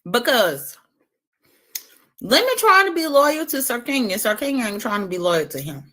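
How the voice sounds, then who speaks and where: A woman livestreamer trash-talks in a bright, forceful voice. Her pitch swings widely as she taunts and curses, chewing a lemon between lines. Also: moderate pace. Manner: brash, profane, taunting; animated, talks while eating a lemon. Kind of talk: casual livestream trash talk.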